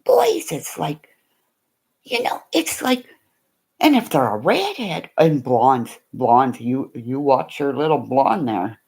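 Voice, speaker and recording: An older woman talks in a slow, unhurried way, her voice rough and gravelly with a husky edge. Her pitch leaps wildly up and down as she tells stories, piling on exclamations and the odd swear word in a casual chat. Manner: animated storytelling with frequent exclamations and swearing. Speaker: vlogger.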